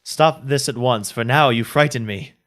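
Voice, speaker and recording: Man reading as a cold weary young woman, calm flat delivery, Shakespearean verse, mid pitch. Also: normal speed, close to an everyday voice. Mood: cool.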